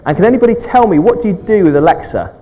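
A man's voice: high voice, animated, very fast, mellow, a little hiss or hum, rough recording. A man leading an informal all-age church talk, friendly and chatty, often checking in with "okay" and talking with children.

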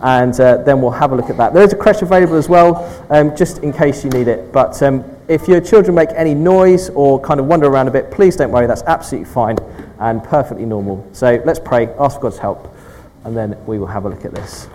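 A man's voice: medium pitch, brisk, a little mellow, slight background noise, rough recording. A man leading an informal all-age church talk, friendly and chatty, often checking in with "okay" and talking with children.

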